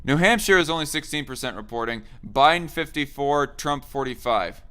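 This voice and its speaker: A man's voice: medium pitch, expressive, normal speed, pushed and bright, clean tone. A man hosting a casual political chat, thinking aloud with many fillers and restarts. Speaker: host.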